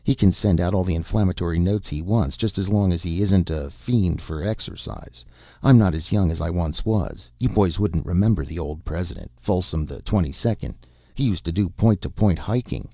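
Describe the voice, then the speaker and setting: Brief: male reader doing a weary old reporter, gravelly, low. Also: moderate pace, no room sound. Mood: grumbling. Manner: grumbling. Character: aging grumbling wire service reporter. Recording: dull lo-fi dry recording.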